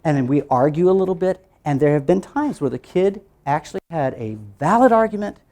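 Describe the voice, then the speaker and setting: A man leads a phonics workshop for teachers, lively and quick to leap in pitch, posing questions and answering them himself while chanting through repeated steps.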